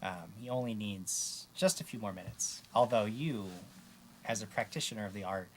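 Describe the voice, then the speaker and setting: A man's voice: fairly low pitch, moderate pace, slight background noise. A man as game master, narrating a tabletop game in an easygoing way with many fillers.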